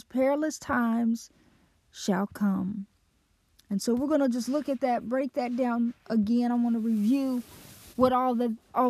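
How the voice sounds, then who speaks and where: A woman teaching through a Bible passage in an earnest way, slowing down to stress key words. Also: high voice, a little mellow, no echo.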